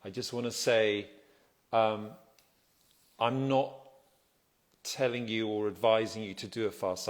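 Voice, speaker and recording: A man hosting a casual phone livestream from home. He chats in a relaxed, soft-spoken, self-deprecating way, greeting viewers and reading out their comments. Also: fairly low pitch. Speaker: livestream host.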